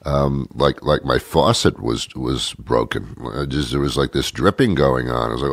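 A man's voice: rumbling low, moderate pace, creaky, no room sound, clean studio sound. A man hosting a radio show, talking in a rambling, jokey monologue while congested with a cold.

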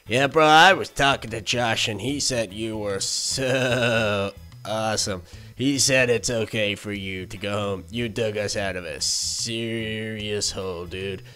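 A man playing a slow-talking easygoing boss. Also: fairly low pitch, sharp tone, soft background music. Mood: praising. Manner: easygoing, praising, calls others bro and dude. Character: friendly male restaurant boss. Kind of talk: Minecraft role-play.

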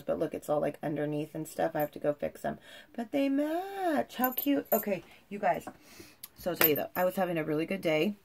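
A woman's voice: lowish voice, gravelly, darkish tone. A woman vlogging at home in a chatty, gushing way, full of "like" and "you guys". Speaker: lifestyle vlogger. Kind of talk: casual chat to camera.

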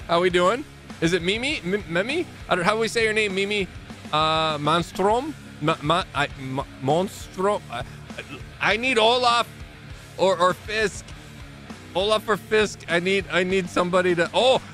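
A man's voice: on the high side, a bit bright. Brief: Michigan-accented male streamer, rambling, self-mocking, faint music behind. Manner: rambling, self-mocking, greets chat by name. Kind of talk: casual live-stream chat. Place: small home gaming room.

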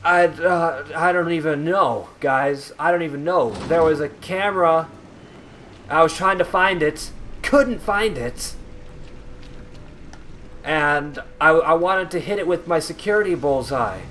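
A man's voice: a little high, unhurried, fairly bright tone, a little hiss or hum. A young man giving casual let's-play commentary, confused and exasperated while talking to his viewers. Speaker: gameplay commentator. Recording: game music playing behind.

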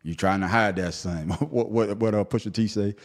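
He's a podcast host talking solo at an ordinary speed; the commentary is animated, alternating low grousing with high, outraged bursts, and he stammers a lot.

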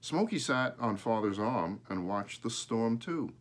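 A man reading a children's picture book aloud, expressive and showing the pictures. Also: mid-range voice, measured pace. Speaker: storyteller.

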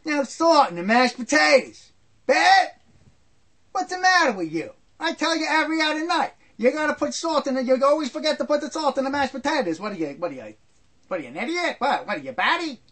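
This is a gruff, bossy father put on by a man who yells his complaints across the dinner table. The voice is loud and strained, pitched up well above an ordinary man's speech. Every line is impatient and barked out. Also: lively intonation, moderate pace, hardly any pauses, exaggerated voice. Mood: scolding. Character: gruff middle-aged father yelling over dinner.

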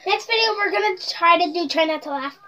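A woman's voice: extremely high pitch, brisk, pushed and bright. A young girl chatting casually in a home vlog, giggling and talking over her sibling. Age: child. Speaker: vlogger. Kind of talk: casual chat.

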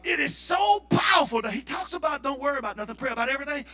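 A man preaching a fervent Pentecostal sermon, rising into shouted, impassioned delivery. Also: extremely high pitch, expressive, rapid-fire, faint music behind. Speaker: pastor. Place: church sanctuary.

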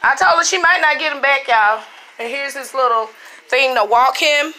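A woman's voice: high voice, moderate pace, bright, forceful tone. A middle-aged woman, chatting casually to her viewers at home. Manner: chatty, talks to viewers as y'all. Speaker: vlogger. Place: living room at home.

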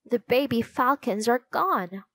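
A woman's voice: on the high side, expressive, unhurried, a bit bright, no echo, pitched above the performer's own voice. A woman voicing an earnest young boy who loves watching falcons.

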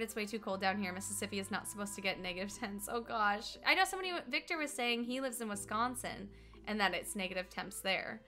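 A woman's voice: medium pitch, pushed and bright. A young woman from Colorado chatting casually with her stream chat while gaming, giggly and talkative. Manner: chatty and giggly, slips into mock accents. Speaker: livestreamer.

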